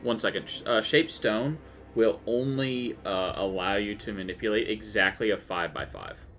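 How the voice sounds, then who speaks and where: A man's voice: fairly low pitch, moderate pace, fairly bright tone, faint music behind. A man running a tabletop game as game master, reading out room descriptions and chatting casually with players. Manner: reads room descriptions, then chats casually.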